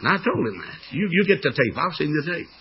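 An older man preaching a fervent storytelling sermon, with a raspy voice. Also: fairly high pitch, sing-song, quick pace, dull audio.

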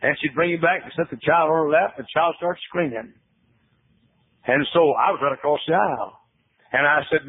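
Male preacher, folksy storyteller, husky, heard over thin phone-band radio. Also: a little fast. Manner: folksy storytelling, drops to low hushed tones. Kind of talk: sermon. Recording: tinny phone-like radio broadcast.

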